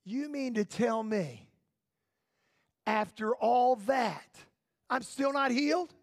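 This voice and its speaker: A high-voiced man playing a blind man in a sermon story, incredulous, complaining, comic exasperation, dry close sound. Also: takes it slowly, no echo, heavily acted. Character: eager blind man awaiting healing, adult male.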